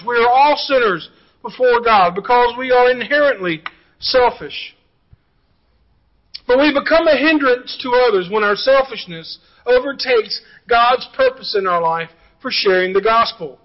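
A male pastor delivers a sermon in a strikingly high voice, moving from story-joke illustrations to earnest appeals. The recording is muffled and lo-fi, like a church audio feed. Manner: storytelling preacher, jokey asides then earnest.

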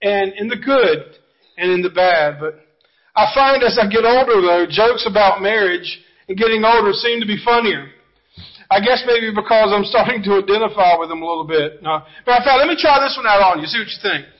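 A man's voice: high-pitched, fairly quick, muffled recording. A middle-aged man preaching a sermon, telling folksy stories and jokes and talking to the congregation. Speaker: pastor. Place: church sanctuary.

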